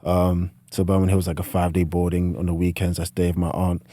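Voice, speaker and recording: A student athlete from the United Kingdom, late teens, guests on a podcast and rambles fast through casual interview stories, his low voice dark and completely flat. He relies heavily on "like," and his British accent is partly Americanized. There's no echo.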